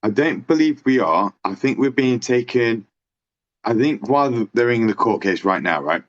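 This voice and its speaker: A man rambles through a casual podcast chat, excitable and quick to curse. His voice sits mid-range for a man. The recording is dull and lo-fi. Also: medium pitch. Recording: dull lo-fi sound.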